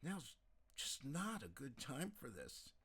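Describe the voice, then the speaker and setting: A man's voice: mid-range voice, huge pitch swings, slow pace, bright, forceful tone, slightly rough, voice pushed up, exaggerated voice. A man voicing a tired young man in a storybook, speaking firmly but politely. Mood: weary. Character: worn-out young man fending off advances.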